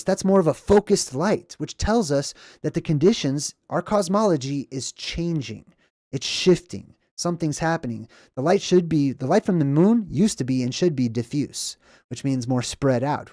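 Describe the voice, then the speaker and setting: A man's voice: on the high side, mellow, no room sound, studio quality. A man hosting a casual livestream, reading the chat and ranting in a rambling, emphatic way that repeats itself, indoors in a lamp-lit room.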